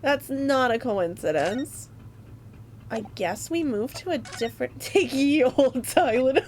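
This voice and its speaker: Giggly high-voiced woman streamer. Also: lively intonation, unhurried, darkish tone, a little hiss or hum. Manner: giggly, laughs often. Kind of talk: casual live-stream chat. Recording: lo-fi music playing behind.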